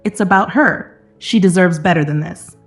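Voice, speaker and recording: A woman's voice: fairly low pitch, moderate pace, soft background music, lightly acted. A woman voicing a defiant young man. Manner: steady, firm.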